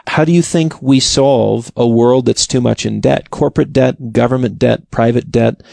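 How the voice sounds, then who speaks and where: A man interviewing a guest, laying out options in a measured, explanatory way. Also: mid-range voice, creaky, a little mellow, dry recording. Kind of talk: interview questions.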